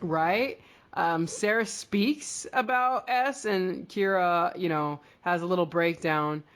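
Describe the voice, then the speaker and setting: A woman with a somewhat low voice co-hosts a podcast. She rambles through a casual TV recap, leaning on lots of fillers and restarts. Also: slow. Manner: chatty, rambling, filler-heavy. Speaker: podcast co-host. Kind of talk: casual episode recap chat.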